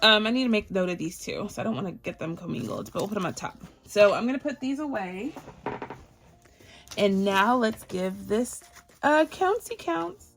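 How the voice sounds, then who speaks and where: This budgeting vlogger, originally from Barbados, talks to viewers casually and playfully, saying y'all, as she organizes and counts her cash. Her expressive, medium-pitched voice moves at a moderate pace over slight background noise.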